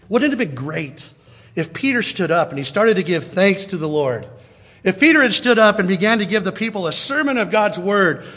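Animated preacher man in a reverberant hall. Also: high-pitched, breathy edge. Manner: conversational, animated, acts out quotes. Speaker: pastor. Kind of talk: sermon.

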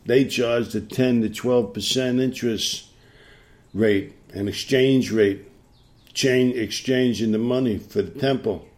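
A man's voice: medium pitch, steady tone, slow, darkish tone. A man preaching a sermon, emphatic, repeating key phrases and pressing the listeners with rhetorical questions.

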